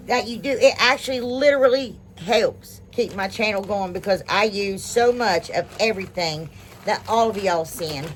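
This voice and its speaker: A woman's voice: mid-range voice, a little hiss or hum. A woman hosting a home DIY channel, chatting casually and gushing to her viewers about gifts, with lots of fillers and an Ohio accent. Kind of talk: casual unboxing chat to viewers.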